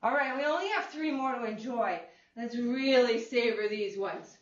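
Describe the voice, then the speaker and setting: A woman's voice: on the high side, normal speed. A woman leading a chair-friendly exercise class, upbeat, playful and encouraging, cheering her class on. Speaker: fitness instructor. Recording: echoey room, mic at a distance, dull lo-fi sound.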